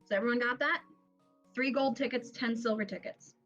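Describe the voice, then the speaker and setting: A woman narrating a tabletop game as game master. She laughs often and keeps a relaxed pace. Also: on the high side, brisk. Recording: dull lo-fi, faint music.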